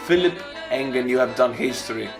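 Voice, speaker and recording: An Estonian man speaks English with an Estonian accent in a mid-pitched voice, commenting casually on a video. He exclaims and laughs easily, and soft music plays faintly underneath. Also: brisk, gravelly. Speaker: YouTuber reacting to a video.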